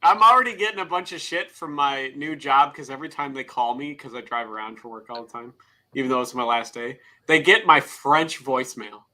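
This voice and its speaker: A man's voice: medium pitch, a little fast, pushed and bright. A man from Canada chatting casually as a podcast host, joking crudely and swearing. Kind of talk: casual chat.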